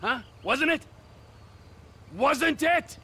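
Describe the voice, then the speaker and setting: A gravelly, unhinged middle-aged criminal in a video game, his high, lively voice swinging between sneer and accusation. The tone is bright and edged, with a faint hiss of background noise under the game audio. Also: very slow, exaggerated voice. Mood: accusing.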